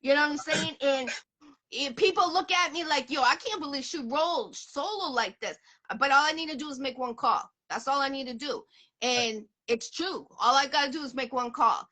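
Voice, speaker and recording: A woman's voice: high-pitched, moderate pace, bright, forceful tone. A woman from the area, hosting an interview in blunt, profane, emphatic casual talk. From Boston area, USA. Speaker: interview host.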